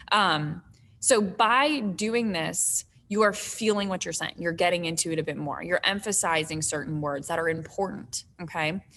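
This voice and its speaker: A woman's voice: medium pitch, a bit bright, a little hiss or hum. A woman teaching acting in an instructional video, encouraging and often checking in with the viewer.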